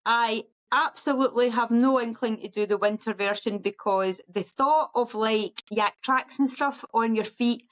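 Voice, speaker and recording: A middle-aged woman, a guest on a podcast, telling a story in a lively, animated way and acting out other people's voices. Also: normal speed, hardly any pauses, low-quality recording. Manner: lively, acts out quoted voices in a high sing-song. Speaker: guest ultra runner.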